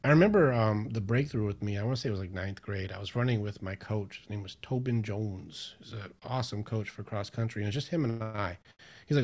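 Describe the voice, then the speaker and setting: A man who works as a mindset coach, chatting as a podcast guest and telling stories with lively acted-out inner dialogue. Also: fairly low pitch, fairly quick. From Michigan, US. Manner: animated storyteller, acts out his own inner voice. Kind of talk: casual interview chat.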